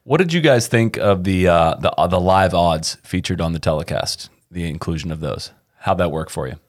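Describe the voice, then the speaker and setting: Brief: male co-host, very deep voice, dry matter-of-fact banter. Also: animated, normal speed. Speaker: podcast co-host. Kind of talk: casual chat.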